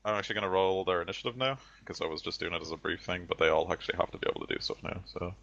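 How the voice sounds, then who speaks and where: Gravelly low-voiced game master. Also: male voice, dull audio. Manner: relaxed, halting explanations with fillers. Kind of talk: running a tabletop game over voice chat.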